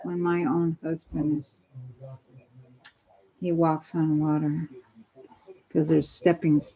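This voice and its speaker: Gravelly woman in her sixties rambling on a live stream. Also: low voice, little pitch movement, slow, long pauses, dark tone. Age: 60s. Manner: chatty and rambling, jumps between topics. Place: her home. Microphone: phone. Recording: dull lo-fi phone audio.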